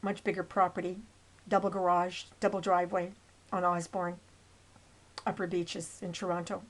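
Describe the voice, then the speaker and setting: A woman's voice: fairly low pitch, level tone, moderate pace, low-quality recording. A woman in her seventies tells her own life story over old photos, earnest and rambling, with restarts and asides. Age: 70s.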